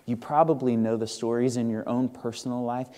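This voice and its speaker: A man's voice: mid-range voice, steady tone, a little fast, warm tone. A male pastor preaching a sermon in a church, earnest and conversational, asking the congregation questions. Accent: Midwestern American. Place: church sanctuary.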